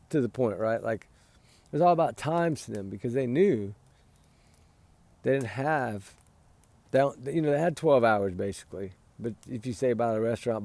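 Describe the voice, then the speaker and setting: A man talks casually and at length, pausing to ask "right?" and sighing now and then. He sounds tired. His voice is dark and mellow with a gravelly fry running through it. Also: medium pitch, no room sound. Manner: rambling, repeats "right?", sighs and yawns. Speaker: commentator on a missing-child case. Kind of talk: casual opinion talk.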